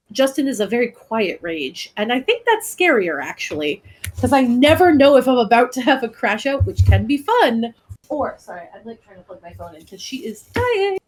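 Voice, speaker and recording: A young woman co-hosting a podcast in casual chat, animated and swearing freely while she makes vivid comparisons. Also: on the high side. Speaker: podcast co-host.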